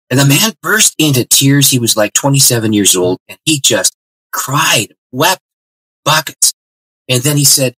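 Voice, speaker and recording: A man's voice: mid-range voice, a little fast, breathy edge, low-quality recording. A man guest on an interview show, telling a personal story and acting out the dialogue. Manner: lively, expressive storyteller who acts out dialogue. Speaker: guest pastor.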